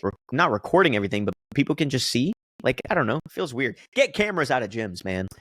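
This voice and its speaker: A man's voice: mid-range voice, sing-song, fast, a bit bright, dry recording. A man in his late twenties banters on a podcast in a loose, rambling way full of fillers. His voice sits mid-range and sounds dry and close to the mic. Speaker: podcast co-host. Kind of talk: casual chat.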